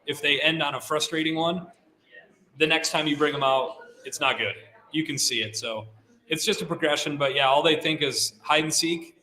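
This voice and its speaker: A middle-aged man who handles avalanche dogs gives a casual talk to a live audience, relaxed and chatty with lots of "like" fillers. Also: a little high, moderate pace. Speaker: guest speaker, avalanche dog handler. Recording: roomy hall sound.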